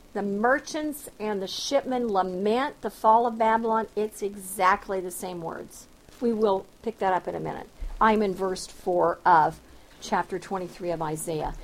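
A woman with a high voice leads a verse-by-verse Bible study. She reads the scripture aloud with dramatic emphasis, then explains it in plain, conversational terms with sarcastic asides. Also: low-quality recording. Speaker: Bible teacher.

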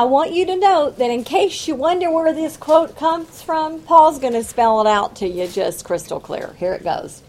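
A woman teaching a Bible study, reading scripture aloud and adding emphatic, folksy commentary. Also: a little high.

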